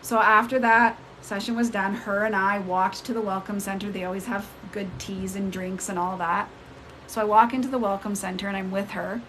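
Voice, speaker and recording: A woman telling a personal story on a casual live stream. She retells it in an animated way and jumps up in pitch when she acts out the people in it. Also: moderate pace, a little hiss or hum, poor audio. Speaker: spiritual storyteller. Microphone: phone mic on a live stream.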